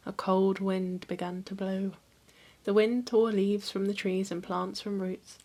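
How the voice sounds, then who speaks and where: A woman hosting a history channel, reading a mythology book aloud in a calm, even storytelling manner. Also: mid-range voice, measured pace.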